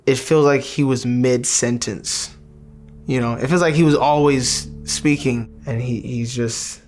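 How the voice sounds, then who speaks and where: A young man telling his personal faith testimony in an earnest, halting way, often restarting his sentences. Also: mid-range voice, steady tone, a little mellow, faint music behind. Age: young adult. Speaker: testimony speaker.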